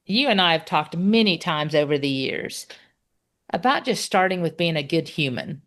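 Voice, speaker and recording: A woman's voice: sits low, lively intonation, moderate pace, a bit bright. A middle-aged woman from Texas with a Texan accent, co-hosting a podcast in casual chat and telling stories cheerfully, laughing often. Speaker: podcast co-host.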